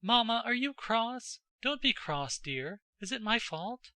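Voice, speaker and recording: A man voicing an excited, indignant teenage noble girl in a classic audiobook, pleading and breathless. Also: extremely high pitch, unhurried, dry recording, pitched above the performer's own voice, heavily acted. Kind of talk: audiobook character voice.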